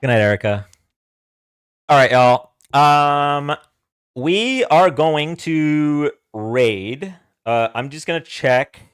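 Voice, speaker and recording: A man's voice: a little high, lively intonation, takes it slowly, smooth, no echo, clean studio sound. A man hosting a casual livestream, chatting loosely with fillers and easy laughs. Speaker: livestream host.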